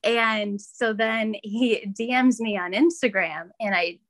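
A young woman in casual chat, telling stories in an animated way, laughing often and acting out what others said. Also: a little high, takes it slowly. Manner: animated storyteller, laughs often, acts out quoted voices. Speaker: guest.

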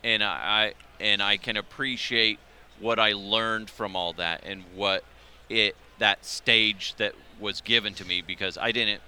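Male podcast host, very bright tone, loose and profane, casual banter. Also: on the low side, fairly even intonation, a little slow, slight background noise. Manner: loose, profane, laughs at his own jokes. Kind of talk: casual chat. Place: convention radio row.

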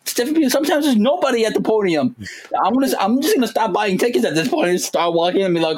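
A man with a fairly high voice chats casually as a podcast co-host. He talks in an animated way, leaping into squeaky tones whenever he quotes someone. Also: very fast, husky, poor audio. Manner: animated, jumps into high voices when quoting. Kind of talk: casual chat.

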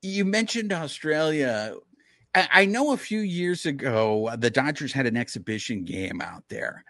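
A man's voice: mid-range voice, animated, unhurried, a bit bright, dry recording, clean studio sound. A man hosting a podcast, asking long, enthusiastic, rambling questions in a casual chat. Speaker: podcast host.

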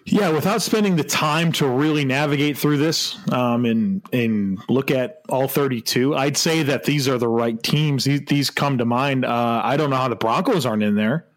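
A man's voice: medium pitch, moderate pace, hardly any pauses. A man co-hosting a casual sports podcast, laughing often and restarting his sentences. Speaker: podcast co-host.

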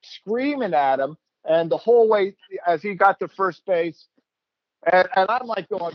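High-voiced animated male storyteller. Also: measured pace, no room sound. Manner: animated, laughing, acts out quotes. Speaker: host, former player. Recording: dull, lo-fi dry sound.

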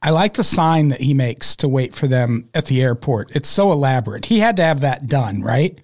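A man's voice: mid-range voice, expressive, moderate pace, a little mellow. A man on a podcast in casual chat, steadily recounting a documentary's story with wry remarks. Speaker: podcast guest.

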